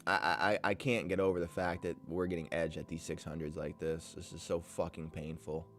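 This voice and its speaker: A man streaming live trades, talking to the market, reading chat aloud and swinging between loud cursing outbursts and low muttering. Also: flat delivery, brisk, faint music behind.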